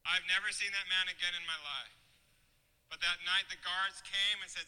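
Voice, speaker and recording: A man gives a testimony with earnest, dramatic pacing. His voice sits high and rings very bright. He lets pauses do the work. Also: level tone, smooth, rough recording. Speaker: speaker giving a testimony. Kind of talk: emotional storytelling testimony.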